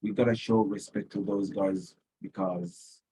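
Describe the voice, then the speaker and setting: A male SAT teacher with an Arabic accent giving a recorded lesson, explaining slowly and repeating key words for emphasis. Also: on the low side, little pitch movement, warm tone, slightly rough, low-quality recording. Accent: Arabic-speaking. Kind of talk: recorded lecture.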